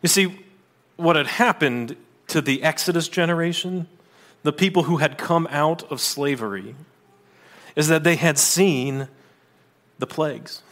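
A man delivering a sermon in a fairly high voice. He explains scripture in a conversational way, breaking off into asides and restarting his sentences as he goes. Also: a little slow, pauses often, a bit bright. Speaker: pastor.

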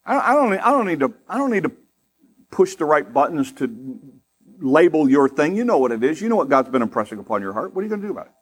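A man's voice: very animated, slightly rough. Conversational male pastor preaching. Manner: conversational preaching with humorous asides and rising emphasis; softer, slower and lower in prayer. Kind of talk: sermon.

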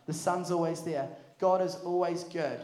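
High-voiced New youth preacher. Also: male voice, normal speed. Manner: energetic, jokey storytelling. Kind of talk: sermon. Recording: echoey hall.

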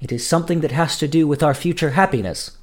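A man's voice: a little high, quick pace, pitched above the performer's own voice, close to an everyday voice. A man voicing a frightened young woman in a storybook tale, pleading and trembling as she speaks. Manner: tremulous, pleading.

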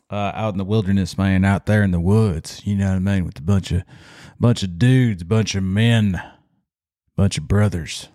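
A man's voice: fairly low pitch, darkish tone, no room sound, studio quality. A man hosting his own podcast, rambling in a casual, folksy way and often checking in with the listener. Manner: rambling, folksy, keeps saying "you know what I mean". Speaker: podcast host. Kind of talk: casual solo podcast monologue.

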